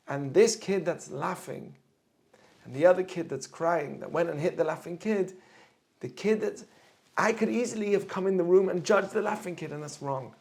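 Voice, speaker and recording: Gravelly-voiced rabbi teaching a lesson. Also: male voice, a little high, moderate pace. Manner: earnest, explains with everyday examples. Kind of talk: torah class talk.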